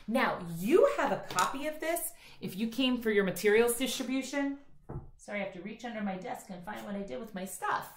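A woman kindergarten teacher giving an online phonics lesson from home, speaking slowly and clearly with encouragement. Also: medium pitch, animated, reverberant. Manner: slow, clear and encouraging, drawn-out reading aloud. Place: home room.

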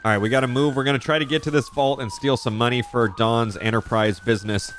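A man's voice: mid-range voice, steady tone, fairly bright tone, slight background noise. A young man chatting casually and swearing freely while playing through a crime roleplay game. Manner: loose, swearing, quick reactions. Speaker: roleplay streamer. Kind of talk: casual in-character game chat.

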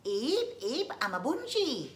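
A woman's voice: sits high, wildly swooping pitch, takes it slowly, a little hiss or hum, voice pushed up, exaggerated voice. A woman voicing a small lonely creature with a trunk that chirps "eep eep" and talks in broken, childlike grammar. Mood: chirpy. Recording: roomy echo.

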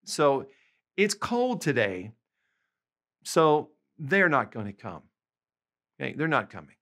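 Guy teaching a language lesson, patient, says the example bits slow and clear. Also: medium pitch, big pitch swings, sharp tone. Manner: patient, slows down for example phrases. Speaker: language tutor. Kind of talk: explaining lessons to camera.

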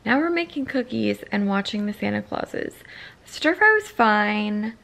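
A woman vlogging casually at home, playful and teasing, quick to laugh. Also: medium pitch, animated, gravelly, fairly bright tone. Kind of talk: casual home vlog chat. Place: home kitchen and living room. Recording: noisy home recording.

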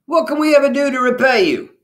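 A man voicing a squad of immune-system cell soldiers, gruff, mocking and suspicious. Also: very high-pitched, expressive, fairly quick, fairly bright tone, pitched above the performer's own voice. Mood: grateful.

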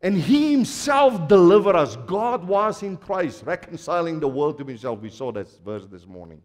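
A man from Africa preaching a sermon to a congregation, animated and full of laughter, swinging from quiet asides to loud exclamations. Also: high-pitched, normal speed. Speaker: pastor. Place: large church hall. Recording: church hall reverb.

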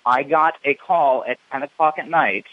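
A man calling in an indignant, halting way with lots of fillers and restarts, over muffled phone audio. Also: on the high side, dry recording. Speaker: caller. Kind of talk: phone complaint.

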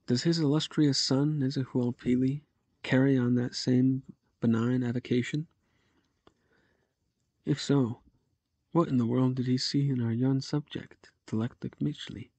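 Obsequious governor, voiced by a man: flattering, husky, gravelly, dry sound. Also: medium pitch, a little slow, dry recording. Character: fawning male provincial governor, obsequious.

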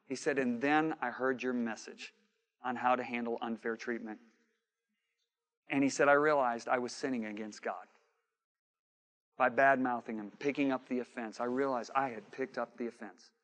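A man preaches a sermon built around a story with quoted dialogue, swinging between shouting and hushed asides. His pitch is medium and his speed normal.

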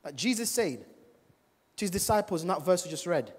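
A man's voice: high voice, a little fast, slightly rough. Man preaching in a reverberant church. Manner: animated preaching with rhetorical questions to the congregation. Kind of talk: sermon. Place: church service. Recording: long reverb of a large church hall.

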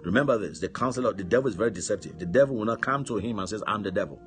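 Low-voiced fervent male preacher. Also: very fast, soft background music. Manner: fervent preaching, punctuated by amen and hallelujah. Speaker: pastor. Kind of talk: sermon.

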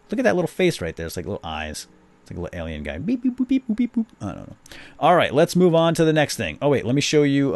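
Deep-voiced, lively man showing off a game. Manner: upbeat, playful, says "groovy" a lot. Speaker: gaming video host. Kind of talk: casual game walkthrough commentary.

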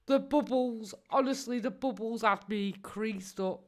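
A woman, a live streamer chatting casually and mocking her subject. Her voice sits a little high, and she laughs often and swears without a second thought. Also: a little slow, hardly any pauses.

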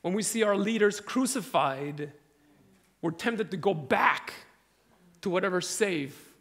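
With a high, expressive, fairly bright voice, a preacher tells amusing stories at a slightly slow pace. Laughter from the audience follows his sermon.

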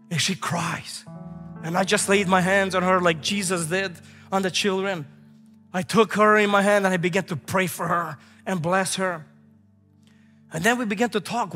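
A man in his thirties preaching from the pulpit, emphatic and repetitive as he builds his points. His voice sits high for a man. Long reverb from a large sanctuary carries it, with faint music under it. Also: a bit bright. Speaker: pastor. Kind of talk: sermon. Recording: echoey hall with faint music.

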